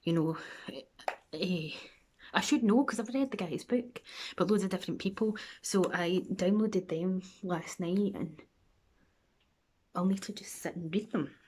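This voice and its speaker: A Scottish woman in her thirties talks through her makeup routine in a rambling, chatty way. Her voice sits a little low, and she often drifts down to a near whisper. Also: a little slow, darkish tone, slight background noise. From Scotland. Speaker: makeup vlogger.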